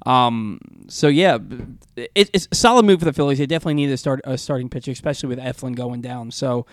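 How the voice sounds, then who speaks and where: Animated male sports radio host. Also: medium pitch, fast, no room sound, studio quality. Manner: animated, stumbles over words.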